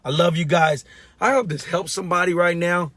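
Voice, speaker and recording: Blunt, fired-up man with a higher voice. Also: steady tone, a little fast, a bit bright, no echo. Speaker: business coach. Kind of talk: blunt motivational rant to camera.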